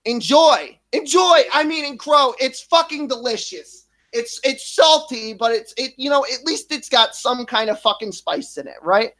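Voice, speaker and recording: A man in his thirties telling a painful personal story, swearing often, halting and restarting as he gets emotional. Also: very high-pitched, sharp tone. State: emotional, near tears at times. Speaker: streamer.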